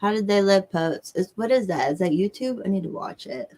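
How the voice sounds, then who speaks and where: A woman's voice: mid-range voice, lively intonation, a little fast, mellow. Chatty Southern American woman streaming. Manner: rambling, chatty, swears casually. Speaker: livestream host. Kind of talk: casual chat answering viewers.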